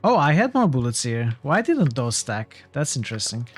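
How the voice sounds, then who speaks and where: A man's voice: mid-range voice, sing-song, normal speed, husky, dry recording, faint music behind. A man streaming a game, thinking aloud in casual commentary.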